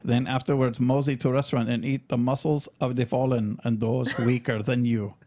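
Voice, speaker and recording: A man's voice: mid-range voice, flat delivery, normal speed, dark tone, lightly acted. Guy doing a russian-accent ad guy, clipped broken english, dead serious about meat and muscles. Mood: mock-solemn. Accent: put-on Russian. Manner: broken, clipped ad-reading cadence. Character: gruff male Russian gym-and-barbecue pitchman.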